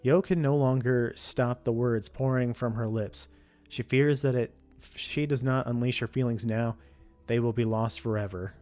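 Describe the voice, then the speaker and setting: A man's voice: mid-range voice, moderate pace, faint music behind. Man reading a visual novel aloud. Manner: steady reading with frequent slips and self-corrections. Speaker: let's play streamer reading a visual novel. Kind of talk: reading game text aloud.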